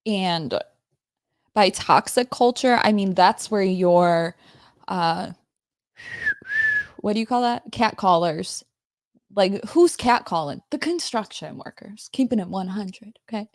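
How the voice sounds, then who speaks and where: A woman's voice: medium pitch, animated, slow, pauses often, no room sound, studio quality. A woman hosting a livestream in a casual, blunt and profane rant, breaking into frequent laughs. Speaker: host.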